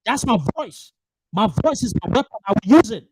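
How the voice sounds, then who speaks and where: Brisk and mid-range, with lively intonation and a slightly rough edge, a political host rants angrily on a livestream microphone. He swears, speaks with fierce emphasis and keeps repeating rhetorical questions, all captured in poor audio.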